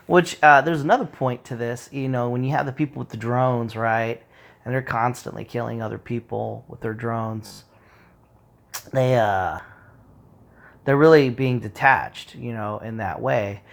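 A man's voice: medium pitch, fairly even intonation, a little slow, vocal fry, a bit bright. A man talking in a loose, rambling monologue, swearing freely and acting out quoted remarks.

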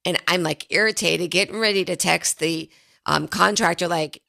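A woman's voice: on the low side, moderate pace, gravelly, a bit bright. A woman financial advisor hosting a radio talk show, telling stories in an earnest, chatty way. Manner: storytelling, earnest. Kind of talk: casual radio chat.

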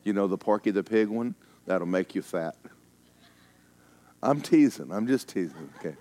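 A man preaching in a very deep register, moving between emphatic declarations and quiet, hushed asides. He tells stories from the pulpit in a folksy way and teases his congregation now and then. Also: lively intonation, normal speed. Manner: folksy and teasing. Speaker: pastor. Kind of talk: sermon.

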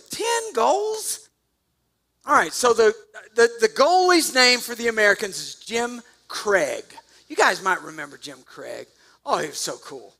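A man preaching a sermon, telling a story with jokes and sudden loud bursts. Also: a little high. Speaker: pastor.

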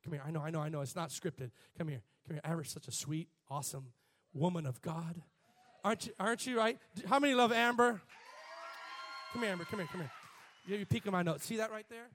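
A man with a high, bright voice preaching from the pulpit. He talks animatedly and leads his congregation in call-and-response. He swings between quiet asides and loud, shouted exhortation. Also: quick pace. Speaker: pastor. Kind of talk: sermon. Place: church before a live congregation.

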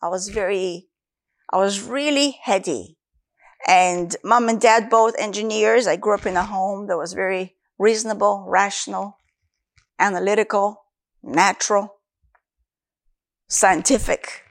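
A woman's voice: medium pitch, a little slow, pauses often. A woman from Africa, a Christian minister, giving an earnest sermon with her personal testimony and repeating key phrases for emphasis.

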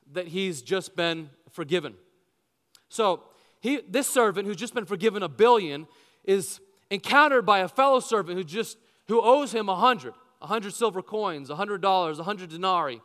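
Bright high-voiced preacher in a reverberant hall. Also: male voice. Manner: emphatic, asks the listeners rhetorical questions. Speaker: pastor. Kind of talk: sermon. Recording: long reverb of a large hall.

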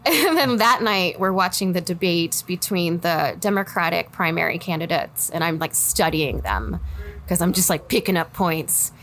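Midwestern woman in her 40s, lowish voice, chatty interview storytelling, laughs a lot, faint background hum. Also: moderate pace. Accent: American Midwest. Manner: animated, laughs often, acts out quoted friends. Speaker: political candidate guest.

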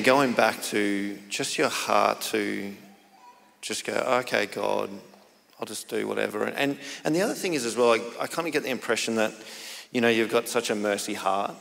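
Gravelly pastor asking questions in a hall. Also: male voice, mid-range voice, moderate pace. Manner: warm prompting questions, trailing restarts. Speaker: pastor interviewing a guest. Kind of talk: casual interview.

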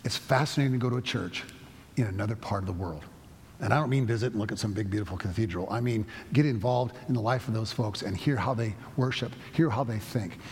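A pastor preaches a sermon in a church sanctuary, his lowish, slightly mellow, husky voice moving at a quick pace. He tells stories conversationally, restarting often, and the recording carries the sanctuary's long reverb.

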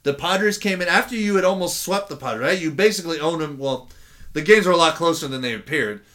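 Man, podcast co-host, high voice, bright tone, blunt, exasperated rant. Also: a little fast. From San Diego area. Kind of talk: casual sports chat.

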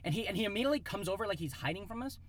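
A man in his thirties from Iowa, telling a rambling, animated story in a casual chat. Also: sits high, rapid-fire. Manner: animated, rambling, acts out voices in quotes.

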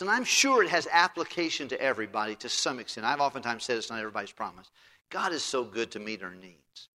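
Preacher, male: bright, forceful voice in a reverberant church hall, emphatic with sudden drops to quiet. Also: medium pitch. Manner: preacherly, rising to shouts and dropping to quiet asides. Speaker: pastor. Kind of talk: sermon.

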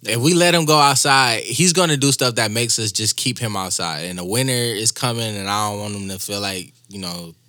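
Teasing man with quick comebacks. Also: on the low side, pushed and bright, dry recording, studio quality. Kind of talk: casual chat.

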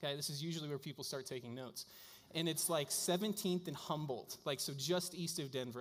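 Chatty pastor in a reverberant hall. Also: male voice, a little high, expressive, brisk. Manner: casual storytelling with frequent fillers. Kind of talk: sermon.

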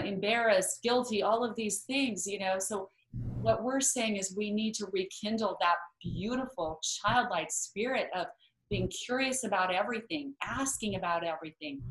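A woman as an interview guest, speaking earnestly and warmly about personal growth. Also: medium pitch, a little hiss or hum, poor audio. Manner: warm, earnest and inspirational. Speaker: guest author. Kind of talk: interview talk.

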